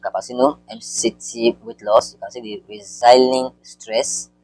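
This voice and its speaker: A man walking viewers through an online marketing tutorial on screen, talking in a halting way with repeated words and many fillers. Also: mid-range voice, steady tone, vocal fry, a little mellow, no room sound, soft background music, poor audio.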